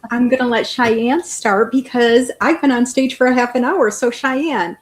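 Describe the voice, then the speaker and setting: A woman book reviewer chatting enthusiastically and warmly with an author over a video call. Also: on the high side, moderate pace. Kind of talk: interview conversation.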